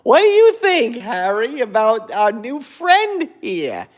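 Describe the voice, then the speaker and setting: A man putting on a cheerful, high-pitched older male voice for a phone call, drawn-out and sing-song. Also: wildly swooping pitch, full character voice. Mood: chipper.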